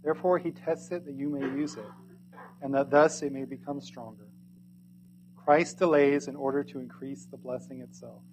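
A man reading a sermon aloud in archaic English, earnest and pleading, swinging from loud to hushed. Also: medium pitch, steady tone, normal speed, slight background noise, rough recording.

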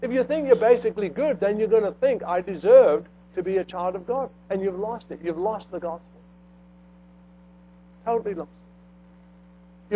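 A man preaching a sermon, swinging between loud emphatic lines and hushed low phrases. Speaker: pastor. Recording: dull lo-fi sound with faint mains hum.

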